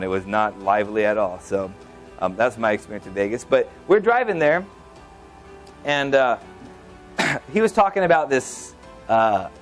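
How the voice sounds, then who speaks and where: A man giving a sermon in a casual, candid storytelling way, with frequent restarts and asides. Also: a little high. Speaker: preacher. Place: church hall.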